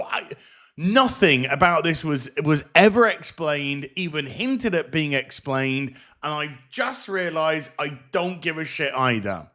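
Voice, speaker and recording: A man's voice: a little high, bright, forceful tone. A man giving a sarcastic, exasperated and profane review of a TV show. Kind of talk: ranting commentary review.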